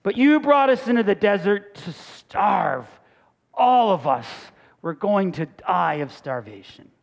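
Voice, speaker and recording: A man's voice: sits high, very animated, slow, creaky, in a large hall, full character voice. A man doing a whiny, complaining crowd. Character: whining, self-pitying crowd of hungry desert wanderers.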